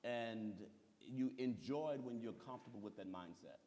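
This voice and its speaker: A man on a discussion panel making his point in a quick, emphatic way. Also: mid-range voice, mellow. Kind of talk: casual discussion. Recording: reverberant hall.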